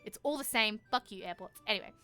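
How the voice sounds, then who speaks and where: A woman with an Australian accent, streaming and telling a story to her chat in a casual, animated way, swearing freely and acting out what people said. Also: medium pitch, fast talker, clean tone.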